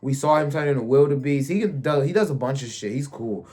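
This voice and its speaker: A man's voice: mid-range voice, a little fast, a little mellow, husky. A man giving a casual, crude, rambling recap of a show episode, full of slang.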